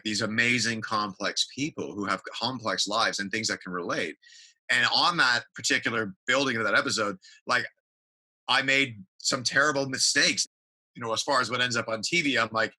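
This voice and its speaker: A man's voice: mid-range voice, normal speed, bright, forceful tone, husky, low-quality recording. A man chatting as a podcast guest, telling stories energetically, acting out quotes and swearing casually. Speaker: guest, TV builder. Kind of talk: casual interview chat.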